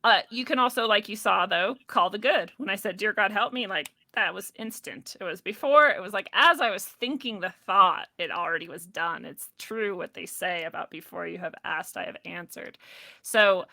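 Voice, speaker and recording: A woman guest telling a personal story in casual talk, animated, laughing often and acting out what others said. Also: medium pitch, moderate pace, creaky, no room sound. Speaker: podcast guest.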